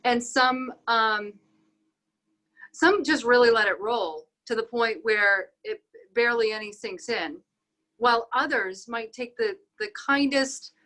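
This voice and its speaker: Bright-voiced woman thinking aloud. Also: on the high side. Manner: reflective, thinks aloud with fillers. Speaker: podcast co-host. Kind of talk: conversational podcast discussion.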